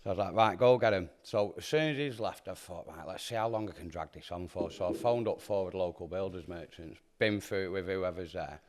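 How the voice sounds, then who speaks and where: A man's voice: sits low, brisk, few pauses. A man telling a mischievous prank story in casual banter, swearing freely.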